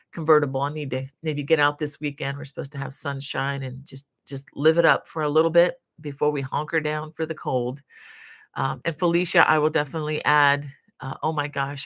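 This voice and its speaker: An American woman in her fifties hosts a crochet channel and chats casually on a live stream, reading viewer comments aloud with lots of fillers. Her voice is low with a fairly bright tone.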